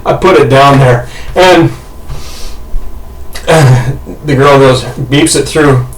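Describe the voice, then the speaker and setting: A man co-hosting a podcast, telling a comic story casually with loud shouted impressions, swearing and laughter. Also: mid-range voice, slow pace. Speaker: podcast co-host. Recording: roomy, distant, noisy home mic.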